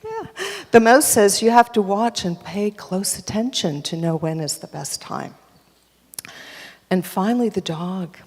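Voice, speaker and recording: A woman telling an interactive children's story at a church service, animated and directing children as they hold up props. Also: on the low side. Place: church sanctuary. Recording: echoey church hall.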